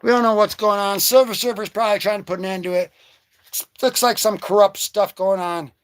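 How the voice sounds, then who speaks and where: Excitable high-voiced man, dry sound. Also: fairly quick, no room sound. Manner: excitable, slangy, joking. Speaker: comic book vlogger. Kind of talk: casual livestream commentary.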